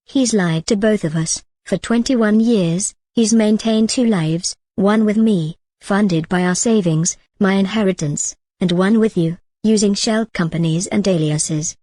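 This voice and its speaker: A woman voicing a middle-aged betrayed wife who speaks steadily and softly. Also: medium pitch, unhurried, few pauses, dry recording, lightly acted. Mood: steady. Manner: steady and soft.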